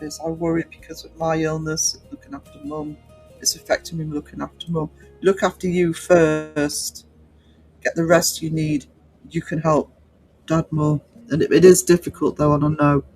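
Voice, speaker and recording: A man hosting a relaxed livestream, reading out comments. He talks in a fairly high voice, stopping and restarting often with plenty of ums. Faint music plays under him. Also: poor audio. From North East England. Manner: hesitant, many fillers and restarts. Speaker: livestream host. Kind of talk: casual chat reading viewer comments.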